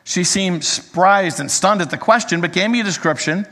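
A man with a high-pitched voice delivers an earnest sermon, reading a story aloud in a measured, storytelling way. His words ring out with a long reverb, as if spoken in a large sanctuary. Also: bright, forceful tone. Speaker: preacher.

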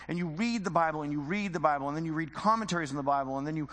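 A man's voice: a little high, racing, hardly any pauses, a bit bright, in a large hall. A man teaching the Bible informally, conversational and full of rhetorical questions and repeated phrases.

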